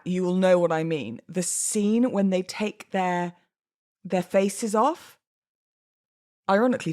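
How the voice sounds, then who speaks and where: A woman from England in her thirties hosting a casual solo podcast, chatty and self-deprecating, laughing often and a little out of breath from pregnancy. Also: medium pitch. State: heavily pregnant, a bit out of breath. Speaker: podcast host.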